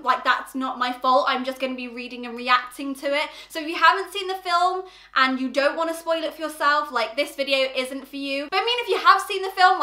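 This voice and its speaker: A woman's voice: sits high, pushed and bright. A young woman in her twenties hosting a casual reaction vlog, chatty and bubbly, with lots of "like" fillers. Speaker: YouTube host. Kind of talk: casual reaction chat to camera. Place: indoor home room. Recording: roomy echoey room.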